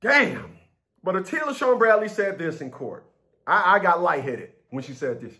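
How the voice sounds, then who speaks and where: Man, casual rant to camera, blunt and profane, high voice, very lively pitch. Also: moderate pace. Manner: animated, blunt, profane, storytelling. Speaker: vlogger giving custody advice.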